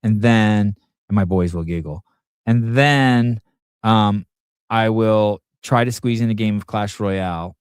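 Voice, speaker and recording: Middle-aged guy rambling on his podcast, swears a lot, lowish voice, dry sound. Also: steady tone, normal speed, darkish tone, clean tone, no echo. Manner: rambling, profane storytelling. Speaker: podcast host. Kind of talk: casual live podcast chat.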